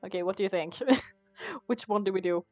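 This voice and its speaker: A woman's voice: medium pitch, moderate pace, dry recording, lo-fi sound, soft background music. A young woman streaming a game, talking casually to her viewers in a chatty, giggly way. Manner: chatty, giggly, self-mocking. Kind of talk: casual gameplay commentary.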